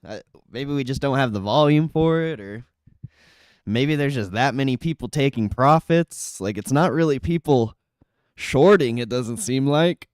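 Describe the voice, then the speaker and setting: A man's voice: mid-range voice, measured pace, smooth, no echo, clean studio sound. A man streaming live, chatting casually with his chat, laughing often and swearing freely. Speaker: livestreamer reading chat. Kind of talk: casual live chat about stock trading.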